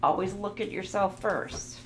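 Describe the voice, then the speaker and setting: A woman's voice: medium pitch, measured pace. A woman giving a casual, playful tarot reading, sometimes goofy, reading card messages aloud to her viewers. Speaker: tarot reader. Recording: roomy echo, faint background noise.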